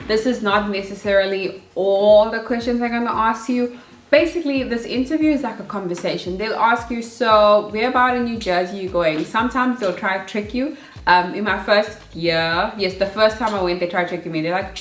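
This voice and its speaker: A young woman talks straight to camera in a chatty, animated way. She acts out her own past nerves as she gives advice. Her voice sits at a middle pitch, and the room around her is echoey. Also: a little fast. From South Africa. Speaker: vlogger. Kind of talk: casual advice vlog.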